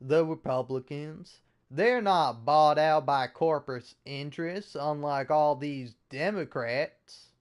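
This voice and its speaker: A man's voice: a little high, takes it slowly, clear, resonant tone. A man voicing a boastful, proudly ignorant redneck man with a Southern US accent, talking in a crude, profane, swaggering way. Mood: smug.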